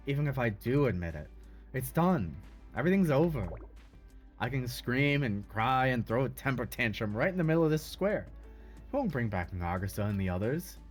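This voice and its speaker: A man's voice: medium pitch, close to an everyday voice. A man voicing a prickly, proud schoolgirl who gets snappish and defensive while reading a game's dialogue aloud. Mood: resigned. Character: prickly proud schoolgirl hiding her hurt.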